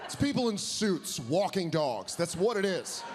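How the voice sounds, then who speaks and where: A young stand-up comedian performs a profane, animated routine on stage before a live audience, slipping into exaggerated quoted voices. His voice is high-pitched and his pace unhurried. The live recording includes audience noise.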